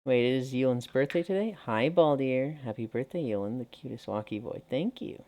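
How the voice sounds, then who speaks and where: A man's voice: mid-range voice, expressive, a little fast, darkish tone. A man streaming live, chatting casually and reading viewer messages aloud while walking, sounding a little tired.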